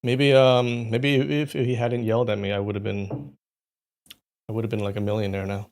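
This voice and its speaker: A young man hosting a live stream, casually chatting with viewers in a rambling storytelling way and often clearing his throat, at a desk mic at home. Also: on the low side, little pitch movement, moderate pace, a little mellow. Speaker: livestream host.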